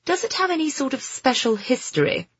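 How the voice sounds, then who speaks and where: An audiobook narrator voicing a young woman who speaks earnestly and quick to worry, on a dull lo-fi recording. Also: sits high, expressive, fairly bright tone, dry recording, pitched above the performer's own voice. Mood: worried. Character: young woman, Pamela, anxious companion.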